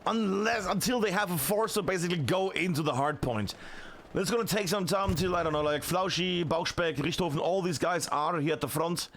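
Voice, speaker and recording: A man casting a tactical shooter match solo, chatty and excitable, shouting on big plays. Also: high-pitched, brisk, gravelly, a little hiss or hum. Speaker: esports caster. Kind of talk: solo play-by-play commentary.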